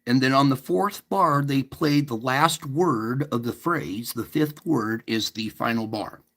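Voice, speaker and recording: A man hosts a casual livestream and explains at length. He wanders, restarts, and keeps checking in with his listeners. His voice is gravelly with a touch of fry, and he takes his time. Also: medium pitch, a little slow, fairly bright tone, slight background noise. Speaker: livestream host.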